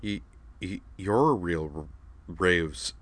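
A man voicing a shy, wry young woman who stutters heavily and speaks softly and hesitantly in an audiobook reading. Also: deep voice, animated, measured pace, dry recording. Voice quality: heavy stutter. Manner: soft, hesitant, dry humor.

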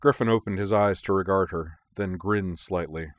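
A man narrates a storybook in a low, deep voice. His reading is even and measured. The recording is dry and close. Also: no room sound. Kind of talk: audiobook narration.

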